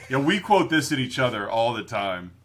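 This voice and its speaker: A man's voice: mid-range voice, very animated, moderate pace, fairly bright tone, slight background noise. A man co-hosting a podcast in casual chat, laughing often and quoting movies. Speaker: podcast co-host.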